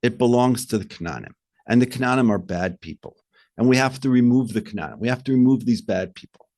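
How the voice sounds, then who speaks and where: Speaking fast at a medium pitch, this male rabbi gives a Torah lesson full of rhetorical questions and Hebrew words. His emphasis rises and falls between quiet and forceful.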